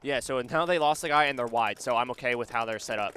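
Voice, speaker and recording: A man's voice: mid-range voice, fast, a bit bright, a little hiss or hum. A man commentating a live paintball match in a casual, joking way, with ums, his voice a little worn. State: losing his voice.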